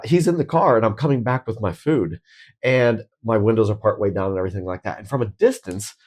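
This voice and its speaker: A man's voice: lowish voice, a little mellow. Rambling man podcast co-host. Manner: rambling, halting restarts while telling a story. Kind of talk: casual chat, storytelling.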